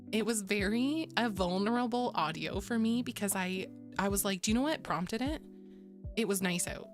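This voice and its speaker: A young adult woman streaming and chatting casually with her viewers, bubbly, laughing often and swearing casually. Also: mid-range voice. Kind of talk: casual chat with live chat.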